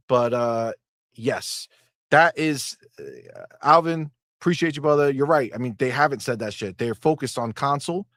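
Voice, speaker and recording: A man hosting a live gaming stream in a casual, animated and profane way, with mocking asides. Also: mid-range voice, no echo, clean studio sound. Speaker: livestream host. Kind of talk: casual livestream talk.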